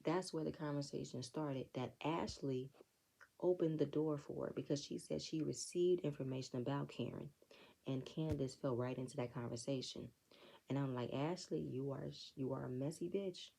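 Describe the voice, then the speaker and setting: A woman with a low, gravelly voice gives a casual recap of a reality show. She is blunt, sassy and profane, and calls out the cast by name. Her tone is dark and a bit husky. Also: normal speed, low-quality recording.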